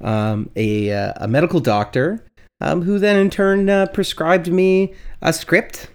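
A man co-hosting a podcast, quick with playful wisecracks and riffs. His voice sits a bit higher than most men's. He talks in a loose, chatty way. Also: smooth. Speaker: podcast co-host. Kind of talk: casual podcast banter.

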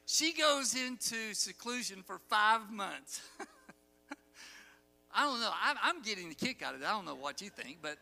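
A man preaching a sermon, telling the story with animated asides and acted-out quotes. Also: high-pitched, moderate pace, creaky. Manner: animated storytelling, acts out quoted lines, chuckles. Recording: long hall reverb, faint music.

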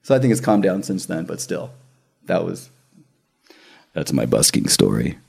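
Animated man telling a laughing story. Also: sits low, moderate pace, gravelly, slightly rough. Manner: animated, laughs often, acts out quoted voices. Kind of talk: casual storytelling chat.

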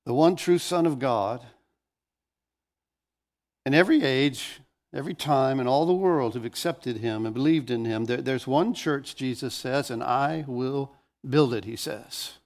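A man's voice: mid-range voice, measured pace. A man pastor preaching a sermon, telling stories with animation and often restarting phrases.

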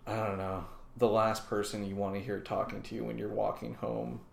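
Gravelly low man, roomy sound. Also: level tone, normal speed. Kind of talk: casual chat. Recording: roomy echo.

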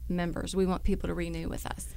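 A woman's voice: fairly low pitch, flat delivery, fast talker, gravelly, dark tone. A woman hosting a podcast, talking in an affirming, conversational way.

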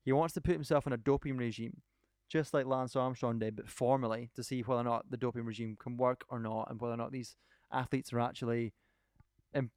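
A man in casual podcast chat, eagerly recounting a story and wandering through the details. His voice is smooth and resonant, recorded dry and close with no room sound, at an ordinary middle pitch. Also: fairly even intonation, a little fast, darkish tone, no room sound. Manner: enthusiastic storyteller, rambling. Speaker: podcast co-host. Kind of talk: casual chat, retelling a documentary.

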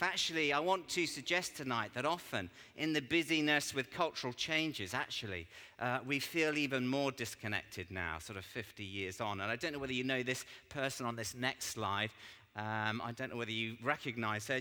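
A man gives a relaxed church talk, telling stories in a chatty, self-deprecating way. His voice is bright and forward, at a mid pitch. It rings out with a long reverb, as if in a large hall. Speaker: church speaker. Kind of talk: informal sermon talk.

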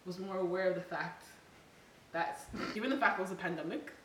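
A woman chats at a brisk clip on a casual podcast, laughing often as she talks. She sits some way from the microphone in an echoing room, with a faint hiss underneath. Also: on the low side, a bit bright. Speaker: podcast co-host. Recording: roomy, distant, faint hiss.

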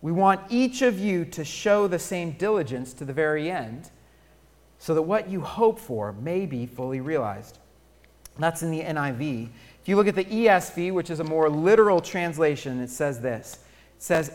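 Man preaching a sermon, high voice, hushed pleas to loud rousing calls, long church reverb. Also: normal speed. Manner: dynamic preaching, shifting from hushed pleading to loud exclamation. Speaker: pastor. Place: church sanctuary.

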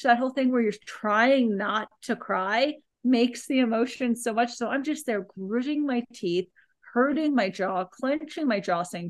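A woman co-hosting a podcast, telling an animated, chatty story and recommending a film. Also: fairly high pitch, a little slow, dry recording. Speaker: podcast co-host. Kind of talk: casual chat, recommending a film.

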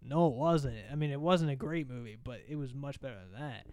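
A young man in casual podcast chat, rambling through a profane, animated story. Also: mid-range voice, fairly quick, smooth.

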